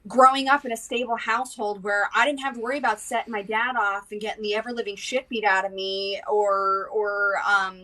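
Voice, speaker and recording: Blunt woman, bright, distant mic. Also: medium pitch, level tone, a little fast, few pauses. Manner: blunt, emotional, frequent restarts and swearing. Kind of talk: candid personal conversation.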